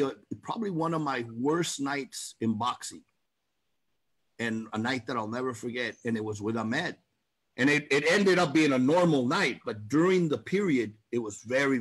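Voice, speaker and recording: A man's voice: medium pitch, husky. A man telling a boxing story in a casual talk-show chat, acting out the voices of the people in it. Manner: animated, acts out voices in his story.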